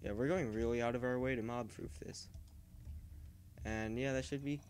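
A man's voice: medium pitch, steady tone, moderate pace. Rambling male gamer, yelps when startled. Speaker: gaming video host. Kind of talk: casual gameplay commentary.

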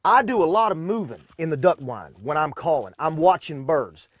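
A man's voice: a little high, animated, normal speed, no room sound. A man from Arkansas, demonstrating duck calls in a folksy, instructional way from a duck blind.

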